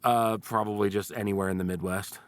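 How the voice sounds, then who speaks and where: A man's voice: fairly low pitch, steady tone, fairly quick, no room sound. A man hosting a tabletop game podcast in casual chat, teasing his guest and laughing often. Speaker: podcast host and game master.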